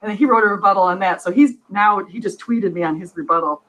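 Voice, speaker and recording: A woman's voice: medium pitch, fast talker, a bit bright, poor audio. A woman on a casual chat as a guest, rambling and laughing often. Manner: giggly, rambling.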